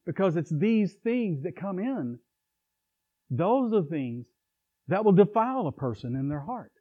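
Preacher on a tinny line. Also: male voice, sits high, sing-song, measured pace, slightly rough. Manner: conversational, with chuckles and asides. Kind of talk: sermon. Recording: tinny phone-like recording.

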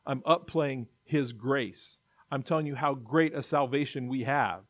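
A man's voice: medium pitch, a little slow, fairly bright tone. A man preaching a sermon in an earnest way, building to emphatic repetition. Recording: dull lo-fi recording.

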